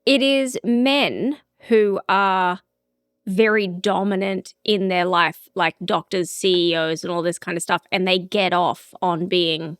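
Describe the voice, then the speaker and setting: A woman's voice: on the low side, steady tone, slow pace, clear, resonant tone, no room sound, studio quality. A woman co-hosting a podcast, chatting casually in a frank, blunt way and laughing easily. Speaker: podcast co-host. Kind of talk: casual chat.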